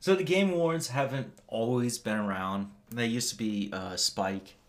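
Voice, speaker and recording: An American man co-hosting a casual podcast, telling stories with halting restarts. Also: mid-range voice. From United States. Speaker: podcast co-host. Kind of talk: casual chat.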